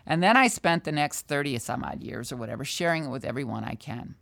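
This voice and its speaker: Low-voiced older woman telling a story. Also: quick pace, vocal fry. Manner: animated, candid, self-deprecating storyteller. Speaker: sales trainer, guest. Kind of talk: storytelling in a conversational interview.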